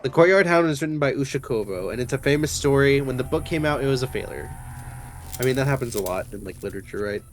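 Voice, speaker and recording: A man's voice: mid-range voice, expressive, fast talker. Young man, casual book chat, hesitant and rambling, lots of fillers, faint hiss behind. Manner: rambling, hesitant, full of fillers and self-corrections. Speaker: book discussion host. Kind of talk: casual book discussion while playing a game.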